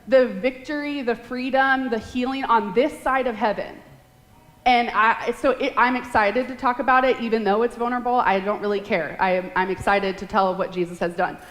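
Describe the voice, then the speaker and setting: A woman in her late twenties preaching a sermon, talking fast and emotionally. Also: fairly high pitch, steady tone. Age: late 20s. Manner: fast, emotional, laughs and tears up. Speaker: guest preacher. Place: large church hall. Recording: echoey hall with long reverb.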